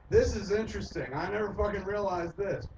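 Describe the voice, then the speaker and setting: A man's voice: sits high, brisk. A man, a filmmaker, telling stories in casual, profane talk, swearing often and acting out the voices of people he quotes. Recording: distant muffled recording with loud noise.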